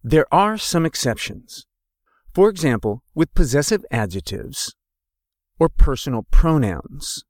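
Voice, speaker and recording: A male teacher reads a scripted lesson at an unhurried pace, his pitch rising and falling a lot. He carefully pronounces each example word on its own. The voice sounds dry and close. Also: very animated, no echo. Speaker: language teacher.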